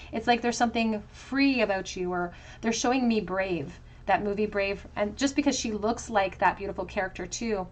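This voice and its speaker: A woman giving a tarot pick-a-card reading, musing aloud over each card with casual fillers. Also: medium pitch. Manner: musing, talks through card meanings with soft fillers. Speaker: tarot reader.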